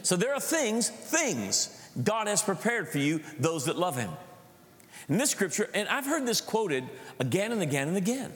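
High-voiced preacher man in a reverberant hall. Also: big pitch swings, normal speed, fairly bright tone. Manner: storytelling with repeated words and restarts. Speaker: pastor. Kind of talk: sermon.

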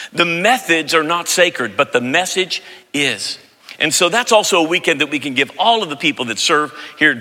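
A man in his fifties preaching a sermon as pastor, telling stories with animated, loud impressions of family voices. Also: a little high. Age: 50s. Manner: animated storytelling, mimics voices loudly. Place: large church sanctuary. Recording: long hall reverb.

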